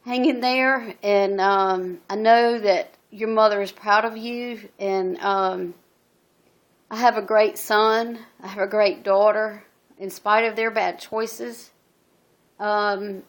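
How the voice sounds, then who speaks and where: A middle-aged woman telling her story as a single mother in a personal video message, halting and earnest, with many ums and restarts. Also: medium pitch, fairly even intonation. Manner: earnest and emotional. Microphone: phone.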